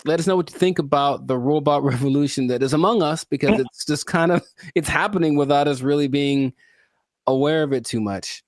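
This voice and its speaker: Man, podcast co-host, casual rambling chat, slightly high voice, dry close mic. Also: brisk, no echo. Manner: rambling, self-deprecating, laughs often.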